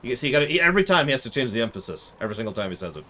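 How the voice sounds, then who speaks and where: A man's voice: mid-range voice, sing-song, very fast, bright, forceful tone, a little hiss or hum. A man streaming a video game, chatting along with sarcastic asides. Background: game music.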